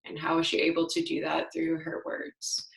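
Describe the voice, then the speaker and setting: A young woman teacher thinking aloud as she explains a poem to her students step by step, pausing on fillers, in a dim room. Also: sits low, completely flat delivery, creaky, echoey room, rough recording. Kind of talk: read-aloud lesson for students.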